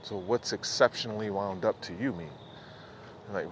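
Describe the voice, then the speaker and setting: A middle-aged man with a lowish voice rambles through a solo podcast. He talks loose and profane, drifting between thoughts and poking fun at himself. A faint hiss of noise sits behind him. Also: moderate pace, a bit bright. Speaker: podcast host. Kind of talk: casual rambling monologue.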